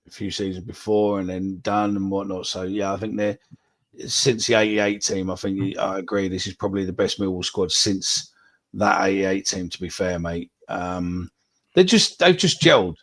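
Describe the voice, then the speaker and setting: Gravelly-voiced blunt man. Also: sits low, moderate pace, fairly bright tone. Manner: blunt, swears freely. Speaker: podcast co-host. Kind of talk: casual live-stream chat.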